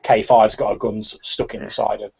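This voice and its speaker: A man's voice: lowish voice, level tone, brisk, gravelly, darkish tone, husky, dull audio. A man narrating a tabletop role-playing game as game master, with frequent restarts. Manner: hesitant, many restarts.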